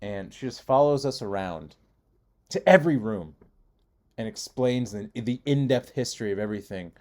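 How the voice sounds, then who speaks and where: A man's voice: lowish voice, normal speed. A man co-hosting a podcast, telling a long rambling story in casual chat and acting out the people in it. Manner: rambling storyteller, animated impressions. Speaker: podcast co-host.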